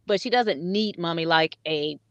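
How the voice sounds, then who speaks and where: A woman's voice: fairly low pitch, normal speed, no room sound, muffled recording. A middle-aged woman, co-hosting a casual podcast chat and telling stories with lots of laughter and acted-out quotes. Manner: animated storyteller, laughs often, acts out quotes. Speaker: co-host.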